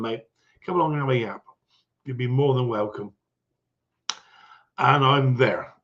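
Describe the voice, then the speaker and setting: A man hosting a relaxed livestream, working through a chat full of viewers and greeting each one in turn. His voice sits at an ordinary middle pitch, and the recording sounds a little dull and lo-fi. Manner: chatty, greets viewers one by one, chuckles often. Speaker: livestream host.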